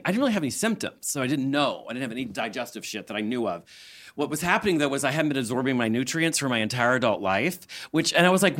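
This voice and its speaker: A man's voice: on the high side, fairly bright tone. A middle-aged man from the South, delivering a stand-up rant that acts out other people's lines and swears freely. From Southern United States. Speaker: comedian guest.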